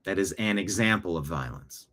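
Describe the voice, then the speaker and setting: A man's voice: low-pitched, lively intonation, normal speed, fairly bright tone. A man hosting a political talk show, speaking emphatically and repeating phrases for effect. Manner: emphatic, repeats phrases, acts out quoted voices. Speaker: show host. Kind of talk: opinionated political commentary.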